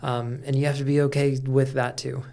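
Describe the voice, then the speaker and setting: A man's voice: medium pitch, level tone, a little fast, gravelly, dark tone. Candid, casual-talking man on a podcast. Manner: candid, swears freely, many fillers. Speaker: podcast guest, coach. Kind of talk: casual conversation.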